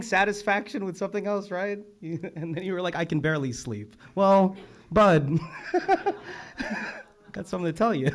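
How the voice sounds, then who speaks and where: Enthusiastic male open mic host. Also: medium pitch. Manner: enthusiastic, swearing, quoting poets, shifting from soft murmurs to loud shout-outs. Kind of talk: live open mic recap, reading back lines. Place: poetry venue on a stage with an audience.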